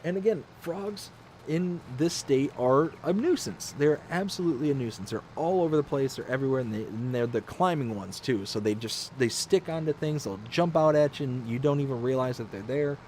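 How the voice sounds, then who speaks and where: A man's voice: medium pitch, expressive, brisk, darkish tone, slight background noise. A man hosting a livestream, telling rambling stories and reading viewer comments aloud in a casual way. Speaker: livestream host.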